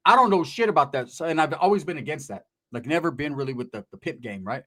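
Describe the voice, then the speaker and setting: A man's voice: on the high side, animated, racing, hardly any pauses, fairly bright tone. A man telling a rambling comedic anecdote in casual slang, loose and profane, with frequent asides to the listener. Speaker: storyteller.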